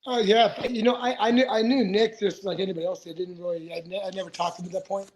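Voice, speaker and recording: A man's voice: high-pitched, steady tone, fast, a little mellow, a little hiss or hum, low-quality recording. A man in his forties, a retired fighter, telling stories as a podcast guest in a rambling, profane way, full of restarts. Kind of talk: casual storytelling interview.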